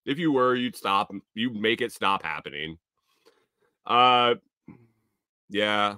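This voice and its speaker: A man hosting a podcast, telling a casual, rambling story full of profanity that now and then rises to loud exclamations. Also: fairly low pitch, lively intonation, slow, clean tone, dry recording, studio quality. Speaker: podcast host.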